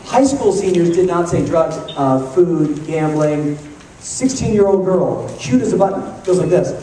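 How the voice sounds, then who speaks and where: Guy with a high voice doing a pumped-up motivational talk, echoey hall, camcorder from far back. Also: measured pace, background noise. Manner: energetic, joking, asks the crowd questions. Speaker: motivational speaker. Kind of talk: live motivational talk to an audience. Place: large conference hall. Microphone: handheld camcorder in the audience.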